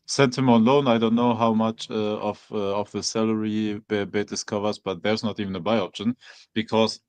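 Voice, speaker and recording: A man's voice: fairly low pitch, level tone, normal speed, clean tone, dry recording. A man co-hosting a casual sports podcast, pleading and stammering in exasperation. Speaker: podcast co-host.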